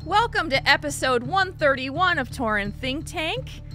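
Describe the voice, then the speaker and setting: A woman's voice: sits high, expressive, measured pace, bright, forceful tone, soft background music. A woman hosting a podcast in casual chat, bubbly and laughing often. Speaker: podcast host.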